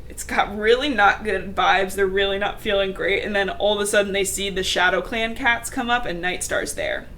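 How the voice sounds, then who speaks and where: A young woman talks through a book recap at home in a loose, chatty way, laughing often and tossing in blunt asides. Her pitch sits mid-range for a woman. A faint hiss lies under the voice. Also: steady tone, moderate pace, pushed and bright. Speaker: podcast host. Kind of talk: casual book recap chat.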